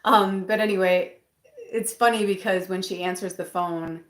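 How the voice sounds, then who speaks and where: A woman's voice: medium pitch, steady tone, moderate pace. A woman tarot reader chatting casually from her bedroom, rambling with fillers and restarts. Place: bedroom at home. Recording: roomy echo.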